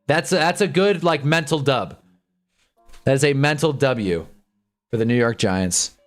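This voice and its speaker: A man's voice: mid-range voice, measured pace, soft background music. A tired young man giving casual, rambling live football commentary with sarcastic asides. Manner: laid-back, rambling, sarcastic asides, frequent "whatever" and "anyway". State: tired, yawning. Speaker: football watch-along streamer.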